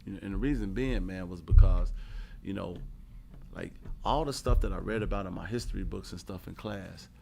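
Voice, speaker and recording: A man's voice: sits low, a little fast, vocal fry, darkish tone, a little hiss or hum. A middle-aged man, a former pro basketball player turned coach, telling stories from his life in a laid-back, conversational interview, peppering his talk with "man" and "you know what I mean.". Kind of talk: casual storytelling interview.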